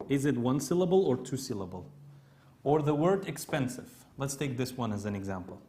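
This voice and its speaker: A man's voice: medium pitch, animated, mellow. A man with a Kurdish accent, a native Kurdish speaker, teaching an English grammar lesson, explaining step by step and often checking in with "okay?". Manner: slow, repetitive explaining with many "okay?" checks.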